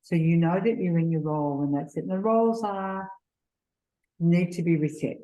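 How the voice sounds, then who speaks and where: A middle-aged woman giving a gentle, earnest faith seminar talk, sharing personal stories. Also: fairly low pitch, normal speed, rough recording. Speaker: seminar speaker.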